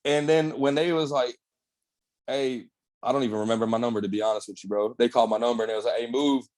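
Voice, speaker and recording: Speaking quickly at a medium pitch, a young man sounds a little mellow, his intonation fairly even. He's a bodybuilder guest on an interview, recounting his story in a laid-back, slang-heavy, foul-mouthed way, casual and candid.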